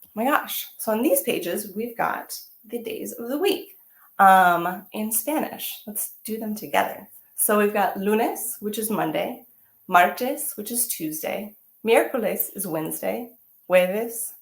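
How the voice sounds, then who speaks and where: A woman teaching artist reading a picture book aloud to children, animated and exclamatory, often asking them questions. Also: medium pitch, gravelly, echoey room.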